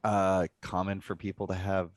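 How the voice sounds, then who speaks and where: A man playing a tabletop game who asks inquisitive, halting questions. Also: low voice, flat delivery, no room sound. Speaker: player. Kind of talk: casual tabletop game play.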